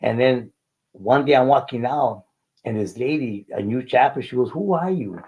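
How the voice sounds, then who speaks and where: A man's voice: mid-range voice, lively intonation, moderate pace, mellow, breathy edge, rough recording. An older man, telling a faith testimony in an interview and acting out the dialogue earnestly. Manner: earnest storytelling, acts out dialogue. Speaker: guest.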